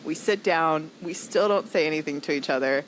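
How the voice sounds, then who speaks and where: A woman comedian telling a personal story in a podcast interview, animated and acting out other people's lines as she goes. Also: low-pitched, brisk, a little hiss or hum, rough recording. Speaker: comedian guest.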